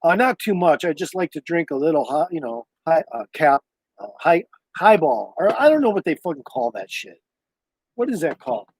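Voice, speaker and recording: Streamer type: higher-voiced man, casual and cussing, dry close-mic home recording. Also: very animated, fairly quick, a little mellow, husky, no echo. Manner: loose, profane, meandering talk. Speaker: livestreamer. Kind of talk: casual rambling livestream chat.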